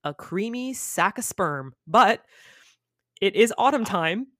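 A woman guest on a podcast, telling stories in a lively, casual way and filling her talk with "like.". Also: medium pitch, slow pace, no echo, clean studio sound. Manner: animated storyteller, says "like" a lot. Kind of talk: casual chat.

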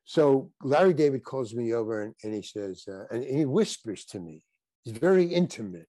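A man's voice: medium pitch, lively intonation, mellow, no room sound. Older man telling rambling stories. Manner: rambling anecdotes with halting restarts. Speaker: guest actor. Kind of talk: casual interview storytelling.

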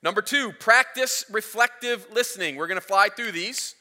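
Bright-voiced male pastor in a hall. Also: sits high, moderate pace. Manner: animated storytelling with rising volume. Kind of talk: sermon. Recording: reverberant hall.

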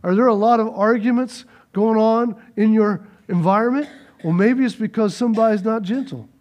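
A man preaching a sermon, swinging between loud urging and soft hushed lines, repeating phrases and calling out to the congregation. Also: high-pitched, normal speed, highs cut off.

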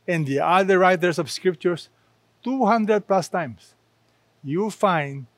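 A man preaching a sermon as pastor, slow and emphatic, asking rhetorical questions. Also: high voice, dry recording.

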